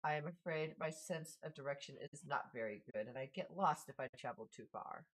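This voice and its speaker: A man voicing a gentle, polite young woman who lives by a desert oasis, speaking in an old-fashioned way. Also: a little high, a little fast, natural voice. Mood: courteous.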